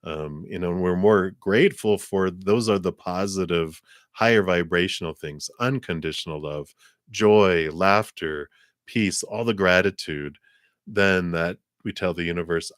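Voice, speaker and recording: A man hosting a live tarot card reading stream, talking in a relaxed, rambling way with many fillers. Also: deep voice, measured pace, no room sound, clean studio sound. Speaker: tarot card reader, channel host.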